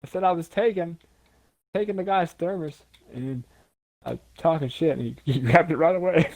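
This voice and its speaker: A woman's voice: lowish voice, normal speed, long pauses, darkish tone, dry recording. A woman with a Southern US accent, co-hosting a casual podcast while playing a game, giggly and playful. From southern United States. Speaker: podcast co-host. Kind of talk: casual chat while gaming.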